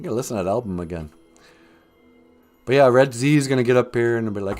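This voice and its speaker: A man's voice: mid-range voice, fast, long pauses, a little mellow, faint music behind. A man hosting a rambling comedic livestream, joking with his chat and laughing at his own jokes. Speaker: livestream host.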